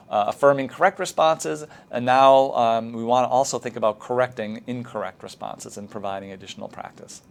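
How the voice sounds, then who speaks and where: Middle-aged male lecturer, mid-pitched voice, relaxed and explanatory, filler-heavy teacher-training talk. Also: creaky.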